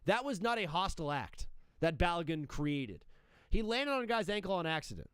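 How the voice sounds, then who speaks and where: Brash high-voiced young male streamer. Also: big pitch swings, a little fast, a bit bright, clear, resonant tone, no echo. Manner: brash, joking, fired-up patriotic banter. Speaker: live-stream sports show host. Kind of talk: casual live-stream chat.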